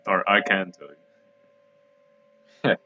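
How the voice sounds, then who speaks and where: A man's voice: low-pitched, flat delivery, takes it slowly, pushed and bright. A young man co-hosting a game stream, teasing his friend with wisecracks. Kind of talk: casual let's-play commentary. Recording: dull lo-fi mic with game music.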